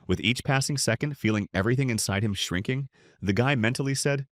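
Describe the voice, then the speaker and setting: A man's voice: mid-range voice, lively intonation, fast, dry recording, studio quality. A man narrating a scripted story recap.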